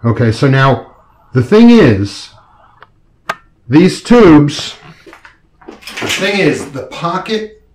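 A man's voice: fairly high pitch, big pitch swings, very slow, long pauses, darkish tone. Guy talking thru a diy install in a roomy echoey room, chatty and jokey, faint noise behind. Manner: chatty, self-mocking, explains each step as he works. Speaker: do-it-yourself video maker. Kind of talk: casual narration while working. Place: indoor room being set up as a studio.

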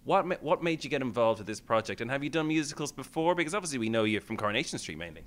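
A man's voice: mid-range voice, sing-song, racing, a bit bright. A man interviewing a guest, jokey and upbeat in his questions. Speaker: interviewer, presenter. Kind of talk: casual interview.

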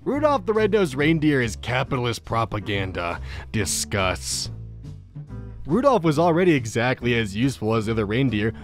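An American man hosting, reading funny posts aloud in a casual comedic way, often breaking into laughter. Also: mid-range voice.

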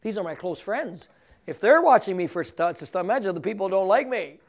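A man's voice: sits high, animated, fairly quick. An older male priest teaching on scripture, reading passages aloud, chuckling often and checking in with his listeners. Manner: chuckles often, reads scripture aloud, asks the audience questions. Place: recorded for television broadcast.

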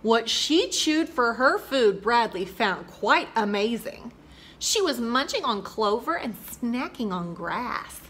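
A woman hosting a children's program and reading a rhyming picture book aloud with an expressive, rhythmic delivery. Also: fairly high pitch, slow. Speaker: children's storyteller host.

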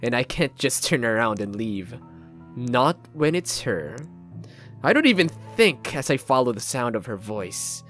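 A man from the Philippines reads a horror game's narration aloud in a mid-pitched voice, dramatic and mixed with his own asides. Faint music sits under his voice. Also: big pitch swings, unhurried, fairly bright tone. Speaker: let's play gamer. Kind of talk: reading game narration aloud with commentary.

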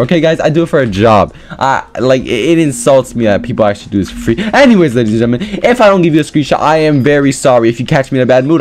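A young man doing casual gameplay commentary as a gaming YouTuber, joking to himself and then breaking into loud, excited yelling. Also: medium pitch.

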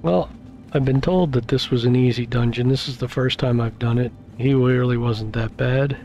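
Gravelly man losing his voice. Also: mid-range voice, normal speed, soft background music. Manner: relaxed, thinking aloud with fillers. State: losing his voice, clearing throat. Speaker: gameplay video host. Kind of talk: casual gameplay commentary.

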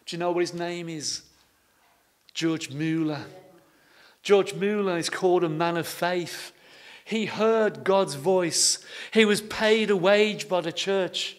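Man, pastor, sermon, anecdotal, homely, high voice. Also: slow. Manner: homely, anecdotal, repeats words. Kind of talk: sermon with storytelling.

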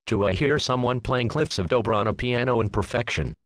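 A man's voice: mid-range voice, a little fast, no echo, clean studio sound, close to an everyday voice. A man voicing a fussy egg character who exclaims in surprise. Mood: excited.

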